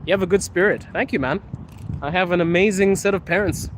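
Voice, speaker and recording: Man, relaxed street-stream host with a mildly high voice, phone mic, light city noise. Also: a little fast. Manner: laid-back, laughs often, calls viewers bro. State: coughing from allergies. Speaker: live streamer answering viewer questions. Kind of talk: casual live-stream chat. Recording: faint street and traffic noise.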